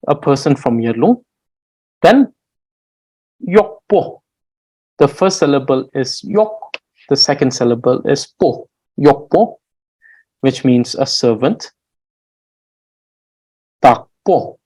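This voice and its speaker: A language teacher, male, with a medium-pitched and a little mellow voice, works through a recorded grammar lesson on poor audio. He takes it slowly and patiently, restarting often, using fillers, and drawing out example words.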